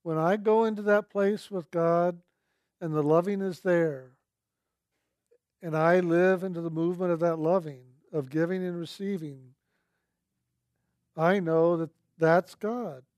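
A man telling a personal spiritual story in a gentle, earnest way, slowly repeating his key phrases. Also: high voice, fairly even intonation, no echo, clean studio sound. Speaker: speaker sharing a personal testimony.

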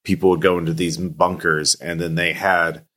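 A man's voice: sits low, little pitch movement, moderate pace, a bit bright. A man narrating a tabletop game as game master, with hesitant fillers between descriptions.

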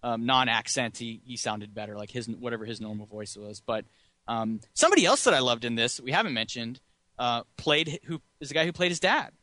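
A man's voice: medium pitch, animated, brisk, sharp tone, no echo. A man co-hosting a podcast, rambling through casual movie chat and chuckling often. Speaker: podcast co-host.

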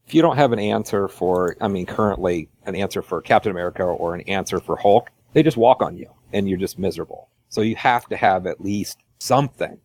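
A man's voice: low voice, a little fast, hardly any pauses, darkish tone, no echo. A man in a casual gaming podcast chat, making short wry remarks. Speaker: podcast co-host.

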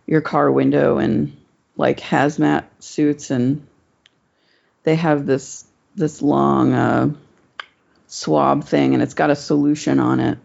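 A woman's voice: low voice, gravelly, a little mellow. A woman telling a personal story in casual chat, rambling and swearing, with many fillers. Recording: dull lo-fi recording.

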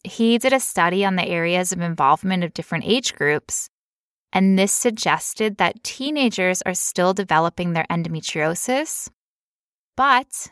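A woman's voice: fairly low pitch, fairly bright tone, no room sound, clean studio sound. Woman explaining health topics, laughing often. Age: adult past teen years. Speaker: podcast co-host. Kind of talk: casual health podcast explanation.

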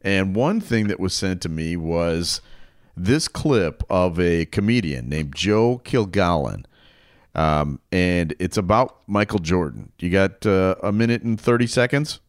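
A man's voice: deep voice, expressive, measured pace, no room sound, clean studio sound. A man co-hosting a podcast, chatting casually in a rambling, loose way with many fillers. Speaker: podcast co-host. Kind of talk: casual chat.

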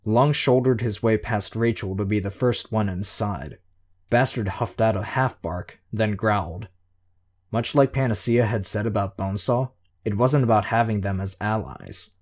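Man with a low voice narrating an audiobook. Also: moderate pace, a little mellow. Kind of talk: first-person novel narration.

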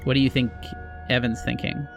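A man's voice: mid-range voice, little pitch movement, a little fast, vocal fry, soft background music. A man narrating a tabletop horror game as game master, drawing out descriptions. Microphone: podcast microphone.

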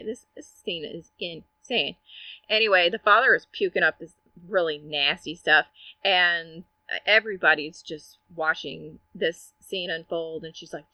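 A woman's voice: low-pitched, no room sound, muffled recording. A woman co-hosting a podcast, chattily recapping a TV episode and acting out quoted lines. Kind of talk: casual chat.

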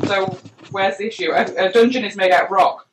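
A woman player chatting playfully and excitably over a video call while making her tabletop character. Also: medium pitch, a little fast. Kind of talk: casual chat while creating a character. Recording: echoey room, noisy video call.

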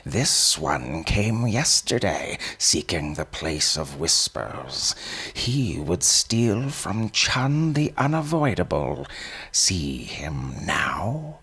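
Storybook role: a frail old man with a quavering, husky voice, read by a man. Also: low voice, very animated, very slow, pushed and bright, exaggerated voice. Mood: grim warning. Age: older. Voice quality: feeble, quavering. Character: stooped feeble old man, grim, warning.

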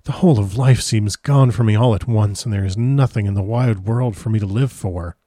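A grief-stricken young aristocrat speaks in a husky, choked voice, given by a man reading the story aloud. His tone sits low and the sound is dry and close, like a storybook told at one's side. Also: moderate pace, dark tone, no room sound, lightly acted. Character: grieving young nobleman, broken and tearful. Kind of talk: audiobook character reading.

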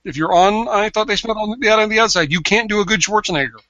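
A man co-hosting a casual podcast chat. He is teasing and blunt, with quick jabs. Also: high voice, sharp tone. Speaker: podcast co-host.

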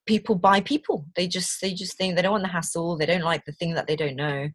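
A British woman, a voice actor, talking casually in an interview and telling lively stories with quoted voices. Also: fairly low pitch, fairly quick, no room sound. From Britain. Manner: chatty, animated storytelling with quoted voices. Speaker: voice actor guest. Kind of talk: conversational interview.

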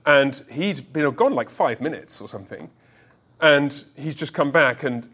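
A man's voice: medium pitch, big pitch swings, fairly bright tone, slightly rough. A man in his forties preaching a sermon as pastor, telling a story with self-deprecating humor and often restarting his words. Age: 40s. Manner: halting restarts, repeats words.

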